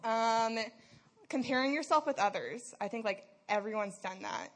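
A young woman speaking in a slightly higher register, sharing her testimony at a youth service. Her talk is candid and conversational, full of casual "like"s as she moves from her story to scripture. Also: expressive, normal speed, a bit bright. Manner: candid and conversational, often says "like". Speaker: student leader giving a message.

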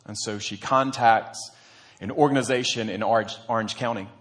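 A man's voice: lowish voice, fairly even intonation, normal speed, a bit bright. A man, a church pastor, preaching a sermon in an earnest, conversational storytelling manner.

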